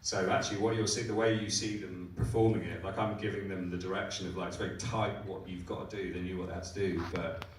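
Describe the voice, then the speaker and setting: Deep-voiced man rambling in an echoey hall. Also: little pitch movement, fast, hardly any pauses. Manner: rambling, many restarts, enthusiastic. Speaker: film director. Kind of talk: festival Q&A panel answers. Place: cinema or hall at a live screening Q&A. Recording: echoey hall, mic from far off, faint noise.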